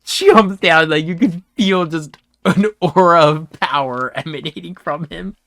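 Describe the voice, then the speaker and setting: A man running a tabletop game as game master, animated and loose, with laughter and swearing. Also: a little high, a little slow, creaky, no echo, studio quality.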